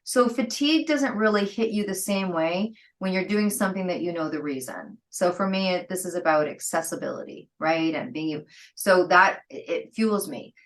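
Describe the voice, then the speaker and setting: A middle-aged woman, a guest entrepreneur, telling stories in an interview, lively and laughing, acting out the people she quotes. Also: fairly low pitch, normal speed, rough recording. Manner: lively, acts out quoted dialogue, laughs often. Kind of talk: storytelling interview talk.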